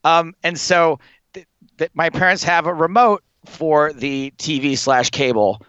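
A young man rambling through comic anecdotes as a podcast guest, animated, swearing often and laughing through his stories. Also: a little high, unhurried, smooth, no echo, dull audio. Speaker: guest storyteller.

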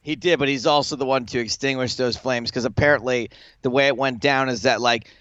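A man's voice: medium pitch, a little fast, clear, resonant tone, no echo, lo-fi sound. A man co-hosting a poker podcast in casual chat, telling stories with lots of filler words. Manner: chatty, lots of filler likes, animated retelling. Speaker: poker show co-host.

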